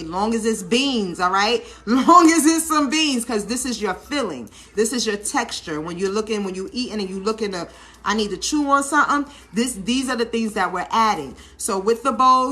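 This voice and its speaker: A woman's voice: medium pitch, pushed and bright. A woman vlogger and busy mom chatting casually while she cooks in her home kitchen, coaching viewers and checking in with "okay?" as she goes. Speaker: vlog host, busy mom. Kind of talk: casual cooking demo talk.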